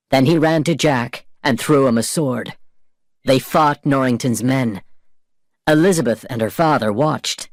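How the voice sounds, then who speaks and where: Slow expressive storybook narrator, male. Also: medium pitch, no echo, clean studio sound. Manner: slow, clear, expressive reading. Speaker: reader of a graded story.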